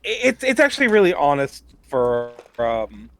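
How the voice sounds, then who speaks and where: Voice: medium pitch, very animated, normal speed, a bit bright, no echo. A podcast co-host chiming in with short, hesitant remarks and restarts. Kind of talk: casual podcast chat.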